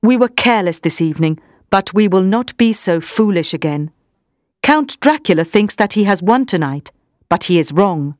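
A resolute old male professor reassures his friends firmly, as a woman reads him. The pitch sits mid-range and the sound is dry. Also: expressive, moderate pace, a little mellow, no room sound, lightly acted.

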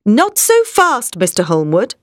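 A woman's voice: mid-range voice, wildly swooping pitch, unhurried, no echo, clean studio sound. Woman reading as a stern old professor. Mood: grave. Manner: firm, commanding. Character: stern elderly male vampire-hunting professor.

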